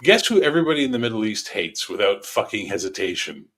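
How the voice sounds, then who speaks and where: A man's voice: on the low side, very animated, fast talker, fairly bright tone. A man chatting casually with friends on a stream, telling stories in a blunt, profane way. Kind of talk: casual chat among friends.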